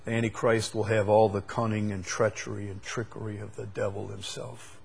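A man preaching a sermon who swings from loud, emphatic declarations down to low, quiet scripture reading. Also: little pitch movement, normal speed, creaky, a little hiss or hum.

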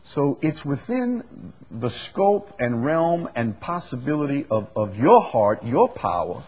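A man with a husky voice preaches a Bible study. He builds to loud, emphatic repeated phrases and then settles into quiet, halting explanation. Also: medium pitch, sing-song.

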